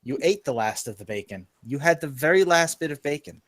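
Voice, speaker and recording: A man's voice: a little high, lively intonation, a little fast, a bit bright. A man playing his character in a tabletop game, matter-of-fact. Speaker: player.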